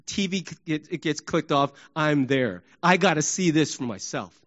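A male pastor delivers an animated sermon, his voice sitting high. He acts out crowd shouts and sports examples. The recording sounds muffled and lo-fi.

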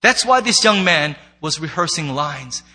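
Man, pastor, sermon, high-pitched, bright tone, conversational and playful. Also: lively intonation, unhurried, faint music behind. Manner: conversational, playful preaching with acted asides. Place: church sanctuary before a congregation.

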